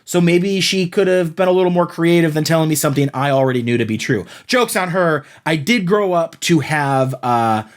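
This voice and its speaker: A man's voice: a little high, moderate pace, few pauses. A man hosting a podcast, telling a rambling, self-deprecating comic story about his own childhood. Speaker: podcast host. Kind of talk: comedic monologue.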